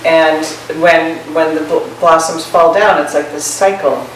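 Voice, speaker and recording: A woman's voice: low-pitched, steady tone, unhurried, a little hiss or hum. A woman Zen teacher giving a chatty dharma talk, laughing often and telling stories about herself. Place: meditation hall. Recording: echoey room, mic far off.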